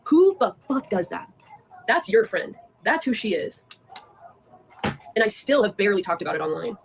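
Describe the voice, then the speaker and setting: A woman's voice: mid-range voice, big pitch swings, moderate pace, vocal fry, noisy background. A young woman in a heated, profane, rambling rant, addressing her viewers directly and confronting people. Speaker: online creator talking to viewers.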